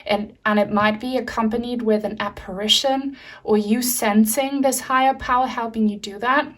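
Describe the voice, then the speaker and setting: A woman doing a pick-a-card tarot reading, talking gently and earnestly, with soft fillers and frequent restarts. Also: a little high, steady tone, normal speed. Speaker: tarot reader.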